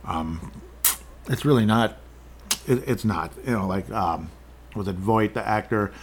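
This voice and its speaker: Low-voiced rambling sarcastic male host. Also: measured pace, slight background noise. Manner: rambling, sarcastic, frequent restarts. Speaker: podcast host. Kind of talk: casual political commentary.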